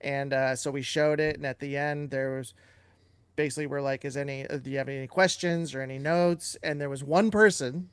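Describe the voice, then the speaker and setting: A man's voice: medium pitch, fairly even intonation, brisk, smooth, no echo. A man co-hosting a live question-and-answer stream, telling loose, chatty production anecdotes. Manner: chatty anecdotes with filler and restarts. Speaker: co-host and TV producer. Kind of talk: casual live Q&A storytelling.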